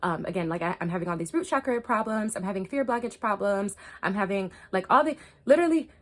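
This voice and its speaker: A woman talking to camera in a casual storytime vlog. She is loose and chatty, swears freely, fills her talk with "like" and "um", laughs often, and moves between hushed and excited. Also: mid-range voice, quick pace. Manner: loose, profane and chatty, full of "like" and "um". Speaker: spiritual vlogger.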